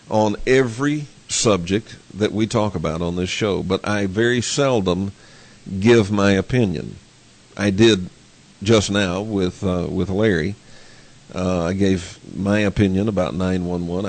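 A man hosting a call-in radio show, talking plainly and thinking aloud as he goes. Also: on the low side.

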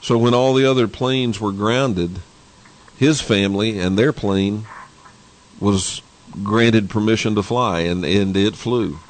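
A man's voice: on the low side, slow pace. A man hosting a call-in radio show, talking plainly and thinking aloud as he goes.

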